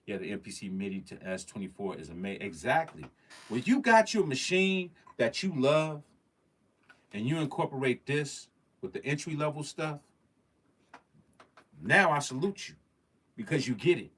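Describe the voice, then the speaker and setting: Male livestream host, mid-pitched, slangy, emphatic, repeats himself, talks straight to chat. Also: expressive, moderate pace, long pauses, a bit bright.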